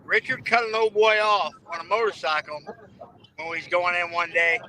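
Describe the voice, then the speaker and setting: A man's voice: high voice, moderate pace, sharp tone. A man chatting casually on a fishing live stream, telling folksy anecdotes. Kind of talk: casual chat. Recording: faint outdoor background noise.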